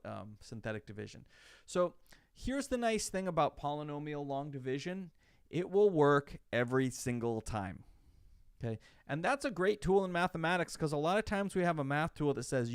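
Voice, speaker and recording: Chatty male math instructor, gravelly voice. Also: medium pitch, no room sound, clean studio sound. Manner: chatty, digressive, rhetorical questions. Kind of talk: live online lecture.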